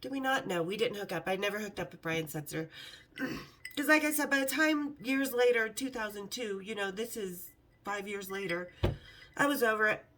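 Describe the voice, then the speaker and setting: A woman's voice: medium pitch, normal speed, fairly bright tone. A middle-aged woman hosting a vlog, telling brash, sarcastic stories in a casual, swearing way. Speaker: vlog host. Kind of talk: casual storytelling to camera.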